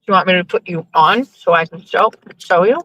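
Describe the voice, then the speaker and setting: A woman's voice: lowish voice, a little fast, pushed and bright, muffled recording. A young woman host chatting casually to her listeners while driving, rambling and cursing in exasperation. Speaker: show host.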